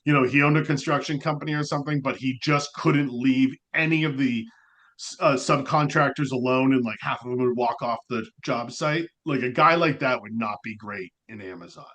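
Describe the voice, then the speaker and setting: Fairly quick and mid-range, this male co-host keeps the podcast banter loose and wandering. He sounds animated and drops "like" constantly among his fillers.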